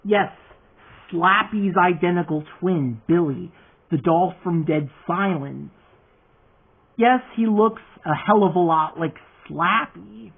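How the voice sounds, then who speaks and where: Male vlogger with a lisp, husky and a touch high, slow rambling chat, phone-quality sound. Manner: rambling, chatty asides. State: under the weather. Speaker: toy customizer vlogger. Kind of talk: casual vlog talk. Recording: tinny phone-like audio.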